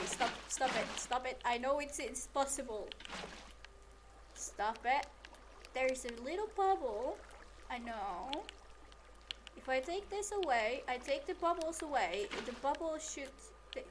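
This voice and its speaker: A woman streamer giving casual commentary while building in a game, talking to the game and repeating herself when it won't cooperate. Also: high-pitched. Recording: game music playing underneath.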